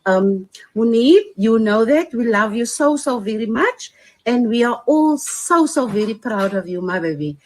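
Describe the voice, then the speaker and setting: A woman's voice: fairly high pitch, lively intonation, a little slow, a little mellow, poor audio. Hesitant woman in her sixties. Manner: hesitant, many ums, affectionate. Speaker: guest's mother sending a message. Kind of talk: recorded video message.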